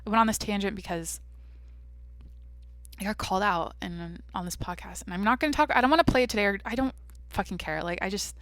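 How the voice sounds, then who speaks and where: A woman's voice: medium pitch, a little fast, fairly bright tone, no room sound. A young woman hosting a daily podcast alone, talking in a brash, blunt, profane, casual way. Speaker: podcast host. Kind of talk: casual solo podcast chat.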